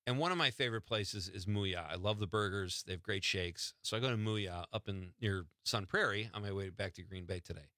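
A man's voice: fairly low pitch, fairly quick, few pauses, dry recording, studio quality. A middle-aged man hosting a talk radio show, telling a story with frequent laughs. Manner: animated, laughing anecdotes.

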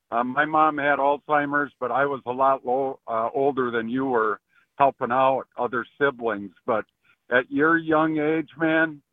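A man calls in to a radio show and talks in halting, hesitant bursts. His mid-pitched voice comes through a narrow, tinny phone line. The sound is dry, with no room around it. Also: no echo. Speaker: caller. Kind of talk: casual radio call-in. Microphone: telephone.

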